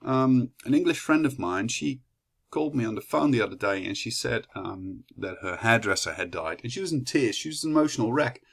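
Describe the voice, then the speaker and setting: A man's voice: mid-range voice, animated, fairly quick, vocal fry, a bit bright. A young man from the Netherlands with a Dutch accent, giving a chatty class presentation full of fillers and restarts. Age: young adult. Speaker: student presenter.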